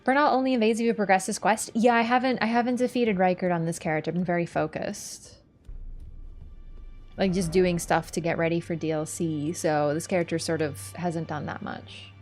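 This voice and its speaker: A woman's voice: on the low side, steady tone, brisk, a little mellow, faint music behind. A woman streaming a game, chatting casually in a playful, teasing, rambling way. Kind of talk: casual chat while gaming.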